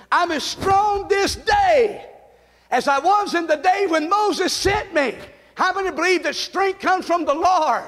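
A man preaching a fervent sermon as pastor, shouting and calling on the congregation to respond. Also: extremely high pitch. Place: church sanctuary. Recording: long hall reverb.

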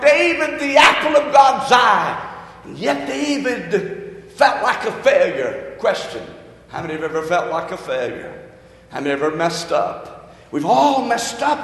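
A man preaching a sermon as pastor, calling on the congregation to answer and rising into shouts. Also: very high voice. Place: church sanctuary. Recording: echoey hall.

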